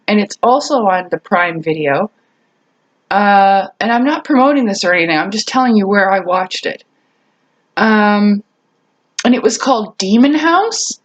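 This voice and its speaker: Chatty woman vlogger, slightly high voice. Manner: chatty, laughs often, many restarts. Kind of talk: casual storytelling to camera.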